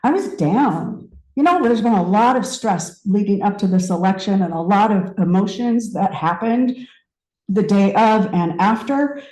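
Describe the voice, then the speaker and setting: Woman in her 50s, chatty reflective sermon story, soft warm tone, lots of room echo. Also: mid-range voice, animated. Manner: conversational, reflective, with pauses and restarts. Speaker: speaker at a spiritual center.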